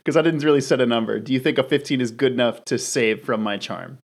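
A man's voice: medium pitch, fast, vocal fry. Hesitant, chatty male player. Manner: hesitant, chatty, laughs often. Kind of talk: tabletop role-play.

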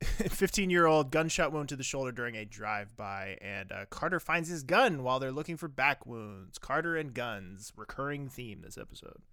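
A man co-hosting a casual podcast, recapping a TV episode with wry, animated commentary. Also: medium pitch, moderate pace, clear, resonant tone, no echo, studio quality. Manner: animated, wry, swings from loud outbursts to muttered asides. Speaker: podcast co-host.

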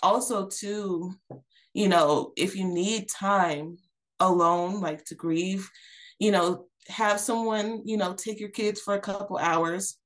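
A woman's voice: mid-range voice, fairly even intonation, slow. A woman in her thirties, a podcast guest, talking earnestly and reflectively with many fillers and restarts. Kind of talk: candid personal conversation.

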